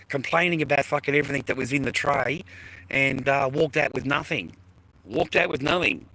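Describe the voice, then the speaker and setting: Australian man, rambling livestream chat, crude slangy talk, forceful bright tone. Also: medium pitch, low-quality recording. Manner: swears freely, rambling, slangy. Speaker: livestreamer chatting with viewers.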